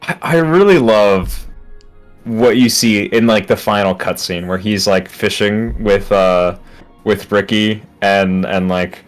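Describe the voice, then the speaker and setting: A man's voice: fairly low pitch, takes it slowly, faint music behind. A man co-hosting a casual podcast chat, thinking aloud with many fillers and trailing phrases. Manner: rambling, heavy fillers like 'like' and 'um'. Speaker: podcast co-host.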